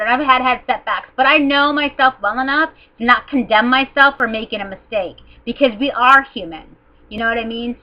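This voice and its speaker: Woman, 40s, vlogger; higher voice, earnest confessional ramble, dull webcam sound. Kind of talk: casual personal talk to camera.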